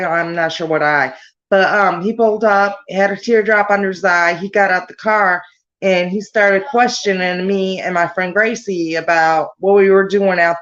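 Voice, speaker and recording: A woman speaks over a call at a mid pitch, and her voice comes through dull and lo-fi. She tells her story as a grieving mother, rambling and circling back to details. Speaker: grieving mother interviewed about her daughter's death. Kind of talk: remote interview over a call.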